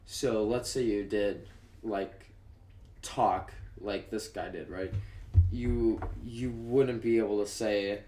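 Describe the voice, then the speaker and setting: A young man reacts in casual, rambling commentary, swearing easily as he explains things. His voice sits fairly low, and the room around him is noticeably echoey. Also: fairly even intonation, measured pace, warm tone. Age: young adult. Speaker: newly graduated Marine reacting to clips.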